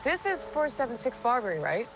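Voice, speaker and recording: A woman's voice: fairly high pitch, very animated, brisk, noisy background. An actress playing a wary young woman stranded at a double-booked rental, from a film trailer. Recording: film trailer under loud music.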